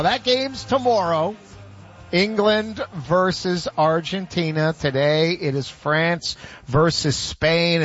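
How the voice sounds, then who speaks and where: A man hosting a sports talk show, giving quick, opinionated takes in casual conversation. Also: fairly high pitch, lo-fi sound. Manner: energetic, quick opinionated delivery.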